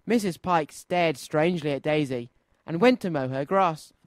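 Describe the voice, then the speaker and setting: A man presenting a children's radio show, reading a story aloud with an expressive, lively delivery. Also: on the high side, moderate pace, dry recording. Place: radio studio.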